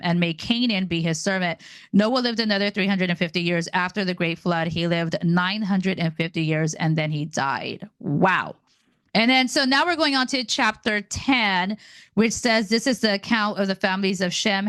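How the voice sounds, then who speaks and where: A woman's voice: lowish voice, a bit bright, clean tone, dry recording. A woman hosting a daily Bible reading, reading verses and adding chatty, laughing asides while stumbling over names. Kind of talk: casual Bible reading with commentary.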